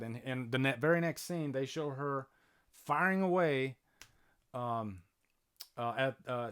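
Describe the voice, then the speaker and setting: A man talks through a movie on a casual live stream from his home. He rambles in a chatty way, full of fillers and restarts, and stops now and then to answer viewers. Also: medium pitch. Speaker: channel host doing live movie commentary. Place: home, near a playing TV.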